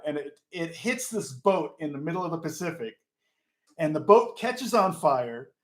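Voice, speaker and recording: A middle-aged man, a session guitarist, chatting casually and rambling through stories with lots of fillers and restarts. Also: a little high. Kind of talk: casual chat.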